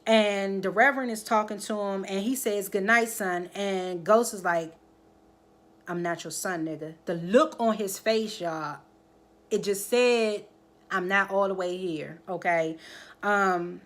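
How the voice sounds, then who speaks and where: Animated woman recapping a TV episode. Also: mid-range voice, measured pace. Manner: animated storytelling, acts out the characters' lines; addresses viewers directly, keeps checking in with "okay?". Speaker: TV episode reviewer.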